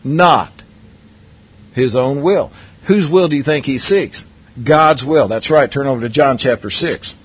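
Husky man teaching a sermon. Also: mid-range voice, unhurried, muffled recording. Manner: conversational, asks the congregation questions, restarts often. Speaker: preacher.

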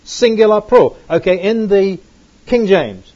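Emphatic husky-voiced man teaching. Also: sits high, animated, measured pace, a little mellow. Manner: emphatic, repeats words for stress, asks "right?" and "okay?". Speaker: Bible teacher. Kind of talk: classroom-style lecture with slides. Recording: muffled lo-fi recording.

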